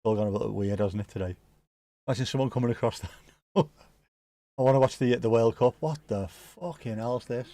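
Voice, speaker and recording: With a warm, medium-pitched voice that runs a little fast, a man talks casually over a live football match. He rambles, jokes and swears freely, and there's no room sound in the recording.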